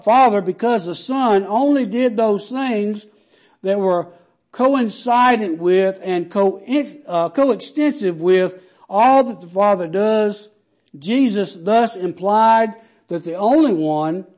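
Male preacher, high-pitched, emphatic sermon delivery with rhetorical questions, speaking to a congregation. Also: darkish tone. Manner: emphatic, rhetorical questions, pauses to draw out words.

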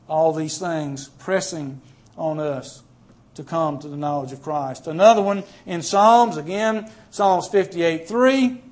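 A male pastor delivering a sermon in a notably high voice. He preaches emphatically, with folksy asides and acted-out stories between readings. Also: lively intonation, measured pace.

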